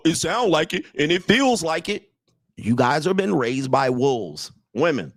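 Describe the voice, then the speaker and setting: Brief: male channel host, profane lecturing rant, lively swinging pitch, dry close sound. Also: no room sound. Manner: blunt, profane, lecturing, laughs often. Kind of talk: livestream commentary rant.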